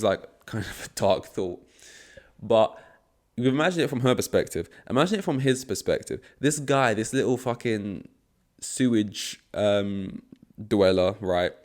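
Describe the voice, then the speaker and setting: Young man, solo podcast host, rambling and swearing, lowish voice, lots of fillers. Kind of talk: casual solo podcast monologue.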